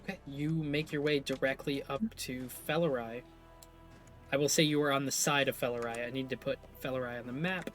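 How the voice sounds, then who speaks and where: A man narrating as game master of a tabletop game, describing scenes in a loose, halting way with many fillers. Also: mid-range voice, steady tone, fairly bright tone, faint music behind.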